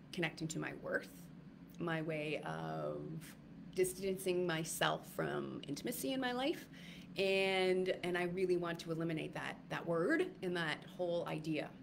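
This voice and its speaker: A woman with a fairly low voice speaks to her livestream viewers in a loose, rambling way, often restarting her sentences and filling pauses with ums. A faint hiss of ambient noise sits behind her. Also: vocal fry. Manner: rambling, many fillers and restarts. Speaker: wellness retreat speaker. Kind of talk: casual livestream talk.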